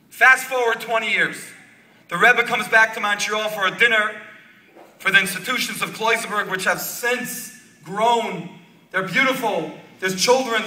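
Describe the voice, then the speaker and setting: A man's voice: sits high, pushed and bright. A man telling a moving story as the speaker at a dinner, acting out the quoted lines with drama, heard from far off in an echoey hall.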